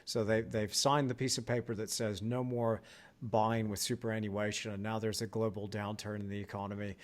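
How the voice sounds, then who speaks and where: A man's voice: on the low side, little pitch movement, brisk. A young man hosting an interview, speaking earnestly and reflectively with frequent stammered restarts. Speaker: host, artist. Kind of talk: casual interview conversation.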